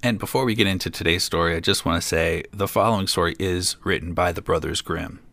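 A man's voice: deep voice, fast, fairly bright tone, no echo. A man hosting a storytelling show, reading an old fairy tale aloud with dry, joking asides. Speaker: storyteller host.

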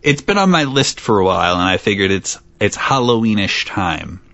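Playful lower-voiced man podcast host. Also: expressive, moderate pace, a bit bright. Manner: playful, laughs often, leads the topic. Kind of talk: casual chat. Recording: dry, slightly dull lo-fi sound.

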